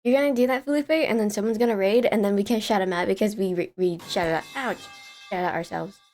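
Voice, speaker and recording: A woman's voice: medium pitch, quick pace, darkish tone, soft background music. A young woman streaming live, chatting casually with viewers, rambling and laughing often as she greets chatters.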